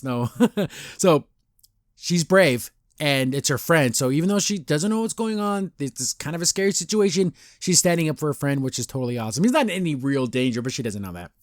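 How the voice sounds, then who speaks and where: A man with a fairly high voice hosts a podcast, chatting casually and briskly while reviewing a comic, in clean studio sound with no room tone. He rambles and laughs, animatedly retelling scenes and acting out quotes.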